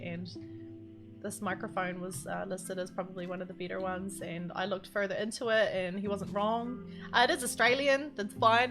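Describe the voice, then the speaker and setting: A woman's voice: medium pitch, vocal fry. A woman with a New Zealand accent chatting casually on a live game stream, rambling and giggling often. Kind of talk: casual live-stream chat while gaming. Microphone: standalone studio mic.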